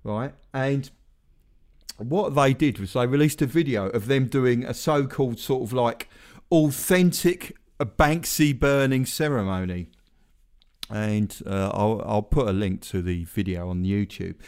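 Chatty rambling man, smooth voice. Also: mid-range voice, measured pace, darkish tone. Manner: rambling, chatty, self-deprecating asides. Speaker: podcast host. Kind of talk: casual chat.

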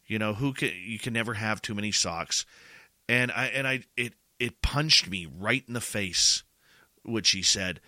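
A man's voice: on the low side, moderate pace, pushed and bright, no room sound. A middle-aged man hosting a show, telling a rambling, emotional story in casual chat and often repeating himself.

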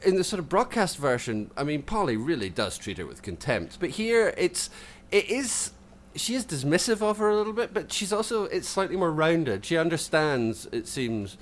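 A Scottish podcast co-host chats casually in a fairly high, sing-song voice. He's self-deprecating, quick to laugh, and restarts his sentences a lot.

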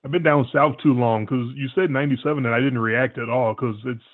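Over tinny, phone-like audio, a Midwestern American man co-hosting a podcast rambles through stories in casual chat. Laid-back and casually swearing, he has a mid-range voice and talks fairly quickly.

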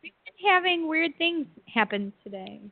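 A woman's voice: very high voice, expressive, normal speed. A woman co-hosting a talk radio show, chatting casually and agreeing readily. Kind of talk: casual interview chat. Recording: tinny phone line.

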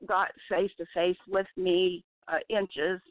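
A woman's voice: lowish voice, level tone, no echo. Woman testifying over a tinny phone. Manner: halting, emotional, often restarts. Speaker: testimony guest. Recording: dry tinny phone line.

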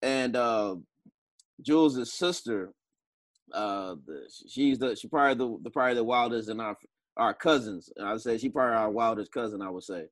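A man co-hosting a podcast, telling a trip story in a halting, repetitive, casual way. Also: mid-range voice, no room sound. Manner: halting, repeats words while telling a story. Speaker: podcast co-host.

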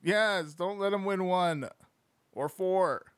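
A man reading a sports book aloud, breaking off into excitable, profane, slangy asides. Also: high-pitched, slow pace, clean tone, no echo.

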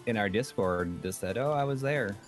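A man's voice: fairly low pitch, expressive, moderate pace, faint music behind. A man co-hosting a casual chat show, reading out donations, rambling with many fillers and restarts. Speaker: podcast co-host reading donations.

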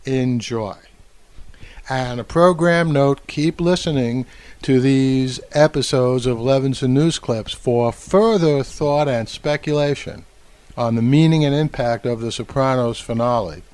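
A man hosting his own podcast, giving reflective commentary and slowing down to stress key words. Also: medium pitch, darkish tone, dry recording. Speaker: podcast host and media commentator.

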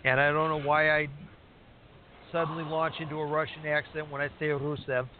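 A man's voice: on the high side, level tone, fairly quick. A man co-hosting a wrestling talk show, chatting casually and rambling with many restarts and fillers. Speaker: podcast co-host recapping wrestling. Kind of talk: casual chat. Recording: tinny phone line with faint hiss.

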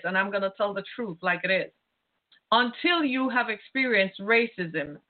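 A woman giving an impassioned monologue, talking in a blunt, emphatic, colloquial way. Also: mid-range voice. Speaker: commentator. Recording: tinny phone-like sound.

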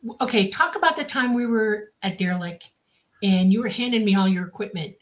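Animated woman co-host telling a story. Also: mid-range voice, fairly quick, a little hiss or hum. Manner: lively, animated retelling, says "okay?" often. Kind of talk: casual storytelling on a talk show.

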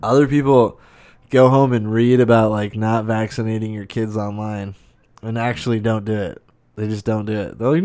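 A man's voice: lowish voice, little pitch movement, normal speed, warm tone, clean tone, no echo. A man hosting a podcast, ranting in a casual monologue, swearing a lot and sounding incredulous. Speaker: podcast host.

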